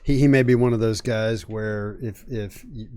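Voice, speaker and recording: This is a man co-hosting a casual sports podcast, talking loosely and thinking out loud as he moves the conversation along. His voice sits fairly low. It sounds close and dry, with no room sound. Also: fairly even intonation, normal speed, smooth, dry recording. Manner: conversational, leads topics, thinks aloud. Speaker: podcast co-host.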